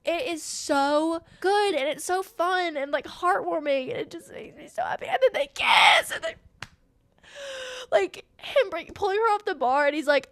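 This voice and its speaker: A woman's voice: high voice, animated, moderate pace, a bit bright, no echo. A young woman hosts a podcast and gushes over a favorite movie, full of fillers and squealing bursts. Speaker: podcast host. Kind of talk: excited movie review chat.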